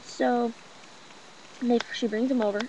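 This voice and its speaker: A young woman rambles through a gossip vlog at home, full of fillers, swearing and mockery. Her voice sits a little high. The home webcam recording carries a clear hiss of noise. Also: fairly even intonation, a little slow. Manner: rambling, profane and mocking, with many fillers. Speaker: vlogger. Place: room at home with a cousin talking nearby.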